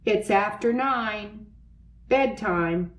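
A woman voicing a fatherly dad who speaks gently but firmly, in a read-aloud storybook. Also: medium pitch, very slow, reverberant.

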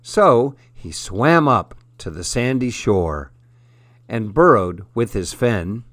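Guy on the radio reading silly stories, deadpan, slow and easy, dry sound. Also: fairly low pitch, no room sound. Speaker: radio host.

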